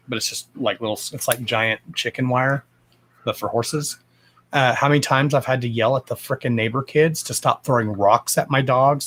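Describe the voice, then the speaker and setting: A man's voice: mid-range voice, a bit bright. Guy ranting on a home livestream, swears a lot, emphatic, regular mid voice. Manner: blunt and profane, swears freely; fired-up, emphatic. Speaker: livestream host. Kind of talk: casual livestream rant.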